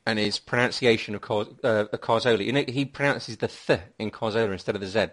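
A man's voice: on the low side, fairly even intonation, fast talker, a bit bright. A man hosting a casual football podcast, chatty with wry asides. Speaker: podcast host.

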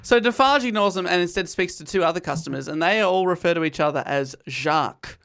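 A man hosting a podcast, retelling a classic novel in casual chat, self-deprecating and quick to laugh. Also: high-pitched, vocal fry, fairly bright tone, smooth.

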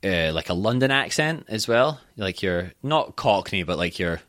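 A man's voice: deep voice, lively intonation, moderate pace, fairly bright tone, no room sound, clean studio sound. A young Scottish man chatting casually as a podcast guest, rambling and self-deprecating, swearing freely. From Scotland. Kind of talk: casual chat.

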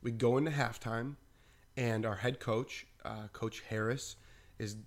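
A man's voice: mid-range voice, measured pace. A man co-hosting a podcast, telling stories casually and animatedly, saying "like" often. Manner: animated, acts out quotes, says "like" often. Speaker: podcast co-host. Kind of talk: casual storytelling chat.

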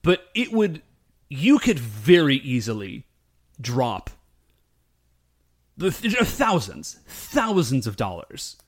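Animated man chatting casually. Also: mid-range voice, slow pace, pauses often, breathy edge. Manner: animated, rambling, lots of fillers. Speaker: podcast co-host. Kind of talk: casual chat.

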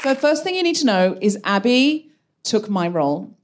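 Woman, podcast host, witty and emphatic, live stage, quick delivery. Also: fairly high pitch, big pitch swings, over a noisy crowd, heavy background noise. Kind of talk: live comedy podcast hosting. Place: live venue before an audience.

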